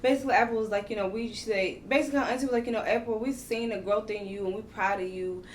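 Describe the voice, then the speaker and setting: A woman hosting a casual reality TV recap, talking in slangy, animated bursts with laughing exclamations. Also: medium pitch, rapid-fire, distant mic, slight background noise.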